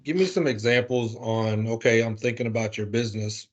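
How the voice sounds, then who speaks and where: A man's voice: medium pitch, a little fast. A man on a sales team video call, asking questions and thinking aloud. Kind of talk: casual group video call.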